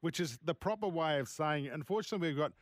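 Brisk radio host, slightly high voice. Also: male voice, expressive, no room sound, clean studio sound. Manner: brisk, plugs the text number, takes calls. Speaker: radio sports show host. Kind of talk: casual radio talk show banter. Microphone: studio microphone.

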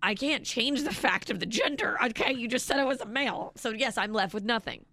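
A woman's voice: fairly high pitch, brisk, bright, forceful tone. A woman co-hosting a radio morning show in casual on-air banter, teasing and laughing often, speaking into a studio mic. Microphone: studio mic with headphones.

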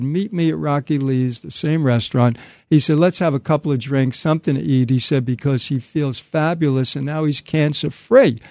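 A man's voice: on the high side, no echo. A man telling a long anecdote in a casual way, acting out the dialogue of the people in it. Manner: animated storyteller, quoting others in dialogue. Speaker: guest storyteller.

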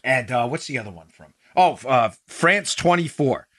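A man's voice: expressive, normal speed, fairly bright tone, no echo, studio quality. A man hosting a political commentary podcast, speaking emphatically and sarcastically straight to his listeners. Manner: emphatic, talks directly to listeners as folks; sarcastic asides, rising pitch when worked up. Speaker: podcast host.

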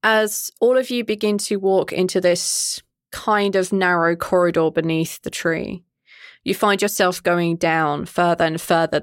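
A woman's voice: lowish voice, no echo, studio quality. A woman narrating as game master of a tabletop game, casual, swearing freely and laughing often.

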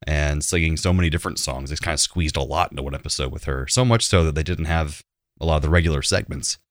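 A man with an extremely deep voice talks through his take on an episode in a relaxed, rambling way. The sound is dry and close. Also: fast, no room sound. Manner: relaxed, filler-heavy, easygoing. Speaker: podcast co-host. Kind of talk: casual chat giving opinions.

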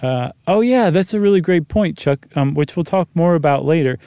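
A man's voice: on the high side, animated, normal speed, mellow, clear, resonant tone, no echo. A man co-hosting a podcast in casual chat, easygoing and rambling, with plenty of filler words. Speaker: podcast co-host.

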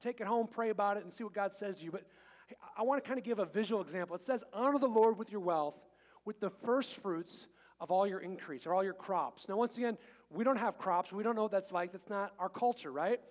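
A middle-aged man preaches a casual sermon in a church sanctuary, mixing scripture readings with jokes and acted-out family moments. His voice sits high, and the room adds a lingering reverb to every phrase. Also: fairly quick. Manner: chatty and joking, quotes scripture, acts out little scenes. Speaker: pastor.

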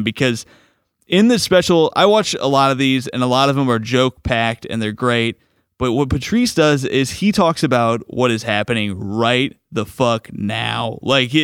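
Male host, enthusiastic, rambling, smooth clear voice, dry studio sound. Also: mid-range voice, a bit bright, no room sound. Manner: enthusiastic, rambling, chuckles while talking. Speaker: radio show host. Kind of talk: casual commentary.

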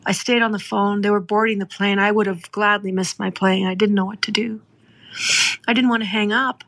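A middle-aged woman from Canada, hosting a podcast and telling a moving story in an earnest, heartfelt way, slowing down for emphasis. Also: mid-range voice, steady tone, a bit bright. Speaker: podcast host. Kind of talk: emotional storytelling.

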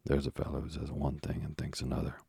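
A man's voice: rumbling low, completely flat delivery, fast talker, vocal fry, warm tone, slightly rough, dry recording, clean studio sound, exaggerated voice. A man voicing an earnest young sailor speaking to his father in an audiobook, urgent and eager.

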